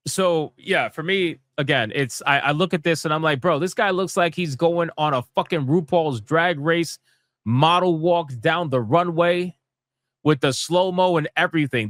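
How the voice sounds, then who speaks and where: A man's voice: fairly high pitch, fairly bright tone, no room sound, clean studio sound. A young man hosting a live gaming commentary stream, ranting in a heated, profane, exasperated way.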